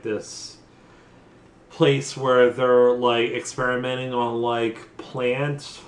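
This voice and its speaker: A tipsy man recaps a game story in a rambling, foul-mouthed ramble, tossing off brief mock voices for each character. His voice sits at an everyday middle pitch. The room around him rings with echo and a faint hum of ambience. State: tipsy from drinking. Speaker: comedy vlogger retelling a game plot. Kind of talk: loose comedic plot recap.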